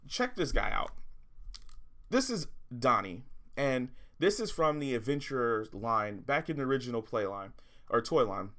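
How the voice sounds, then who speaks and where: A man's voice: medium pitch, a bit bright. A man hosting a toy review vlog, ranting in frustration and swearing often. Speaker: toy reviewer, channel host.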